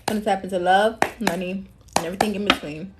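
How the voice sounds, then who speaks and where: A woman's voice: mid-range voice, fairly even intonation, quick pace, very noisy. Chatty woman giving a live tarot reading. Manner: casual, chatty, laughs often, calls listeners love and queen. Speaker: tarot reader.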